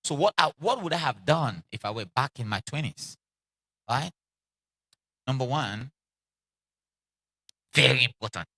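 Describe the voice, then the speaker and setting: A man preaching a sermon in an animated way, acting out quoted voices and repeating lines for emphasis, with laughs between lines. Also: mid-range voice, a little slow, pauses often, husky.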